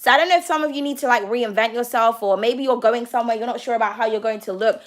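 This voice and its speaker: A young woman with a high voice talks through a tarot reading in a loose, chatty way. She speaks straight to the listener, often calls them "darling" and swears freely. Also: fast. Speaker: tarot card reader.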